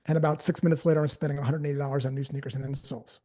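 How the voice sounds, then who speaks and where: A man's voice: mid-range voice, flat delivery, racing, mellow. A man giving a live sales training talk, casually telling stories and acting out the conversations in them.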